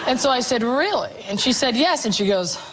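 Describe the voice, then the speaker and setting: A woman's voice: fairly high pitch, animated, fairly quick. A woman in her fifties, a talk show guest telling a story in a chatty, laughing way. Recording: loud studio audience and noise.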